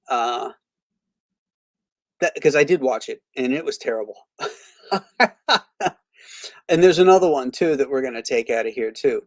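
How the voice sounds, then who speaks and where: Speaking at a medium pitch in a dry recording with no room sound, this man from Florida runs a laid-back live movie stream. He reads out viewer comments, rambles through fillers and restarts, and doesn't hold back on what he dislikes.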